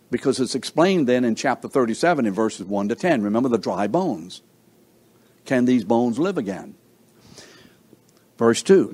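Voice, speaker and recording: A man's voice: mid-range voice, slightly rough. Emphatic man preaching a sermon. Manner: call-and-response questions to the congregation; emphatic, swings from loud to hushed.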